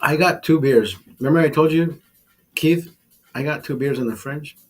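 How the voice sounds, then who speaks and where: A man's voice: a little high, moderate pace. A man hosting a casual live chat over beers, rambling and swearing freely as he tells stories. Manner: rambling, profane, calls listener brother. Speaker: livestream host.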